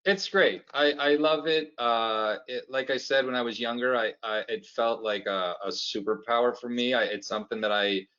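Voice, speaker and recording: A comedian from Canada, a man telling stories in an animated, joking way during a casual interview over a video call. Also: medium pitch, normal speed, hardly any pauses, clear, resonant tone, dull audio. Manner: animated, jokey storyteller.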